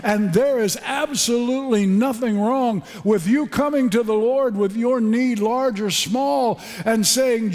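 Male preacher, high-pitched, unhurried, emphatic sermon delivery, long hall reverb. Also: a little mellow. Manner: fervent, emphatic preaching with repeated phrases.

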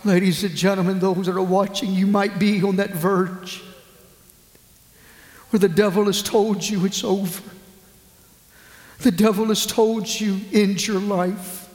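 Male pastor, emotional sermon delivery, unhurried, reverberant hall. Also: sits high, little pitch movement, darkish tone. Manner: slow, emotional storytelling with dramatic pauses. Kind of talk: sermon with a story. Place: church hall. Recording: echoey hall, long reverb.

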